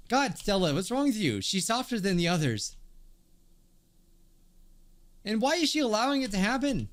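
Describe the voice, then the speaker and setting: A man giving excitable, jokey let's play commentary while playing a game. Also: high voice, moderate pace, pauses often. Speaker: gaming YouTuber. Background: game music.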